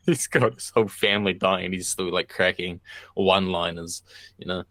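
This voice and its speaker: A man's voice: deep voice, normal speed, bright, forceful tone, no room sound. A man co-hosting a movie podcast in casual chat, laid-back, swearing freely and laughing often. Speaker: podcast co-host.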